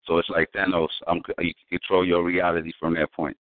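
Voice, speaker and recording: A man's voice: low voice, little pitch movement, brisk, no echo. A man talking casually in slangy speech, telling stories with emphasis. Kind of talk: casual conversation. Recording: tinny phone-like audio.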